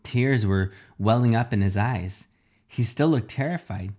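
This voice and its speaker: A man's voice: on the low side, a little slow, darkish tone. A man narrating a first-person children's story in a plain reading voice.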